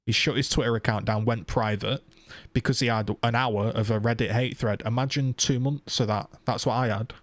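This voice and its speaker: A man's voice: mid-range voice, steady tone, normal speed, dry recording. A man streamer ranting heatedly to his viewers, swearing and firing off rhetorical questions. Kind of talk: casual live-stream rant.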